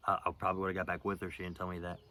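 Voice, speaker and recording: A man's voice: low voice, rapid-fire. Rambling, foul-mouthed young man storyteller. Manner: rambling, profane, full of fillers; gets louder and more animated in later stretch. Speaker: vlogger. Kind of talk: casual storytelling.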